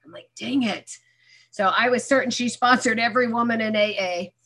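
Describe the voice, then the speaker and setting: A woman's voice: a little high, quick pace, pushed and bright. A middle-aged woman candidly telling her own recovery story, mixing humor into a personal testimony.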